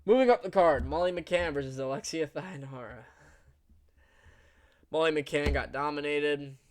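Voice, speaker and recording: A young man giving a casual, rambling fight recap, blunt and crude, with many fillers and restarts. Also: mid-range voice. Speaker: MMA recap host. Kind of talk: casual commentary.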